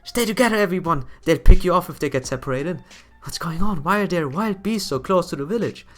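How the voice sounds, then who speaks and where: An urgent young village girl from a video game, voiced by a man in a strained falsetto. The pitch is pushed far up and the lines come out forced and breathless at the top. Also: lively intonation, brisk, a bit bright, faint music behind. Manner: strained falsetto reading game dialogue aloud. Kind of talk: dramatic reading of game dialogue.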